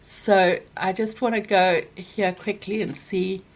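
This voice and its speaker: A woman, hosting a live Q&A and telling a personal story, animated when she acts out what others said. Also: mid-range voice, takes it slowly. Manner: animated when acting out quoted people. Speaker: workshop host answering questions.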